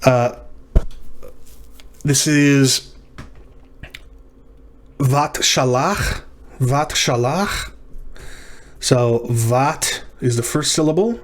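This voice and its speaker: A man in a recorded lecture talks through practice exercises at an unhurried pace. He thinks aloud, stops to fix small mistakes, and carefully sounds out each word one syllable at a time. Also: mid-range voice. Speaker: language instructor.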